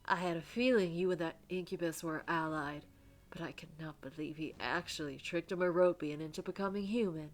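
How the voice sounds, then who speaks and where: A woman's voice: sits low, fairly quick, close to an everyday voice. A woman voicing a cruel male reverend with a put-on American Southern accent, sneering and barking insults.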